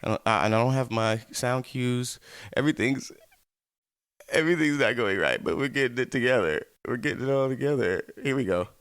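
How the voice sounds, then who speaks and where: A man's voice: medium pitch, a little fast, fairly bright tone, smooth, no room sound, studio quality. A man hosting his own web show alone, talking straight to viewers in a playful, rambling way. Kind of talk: casual solo talk-show monologue.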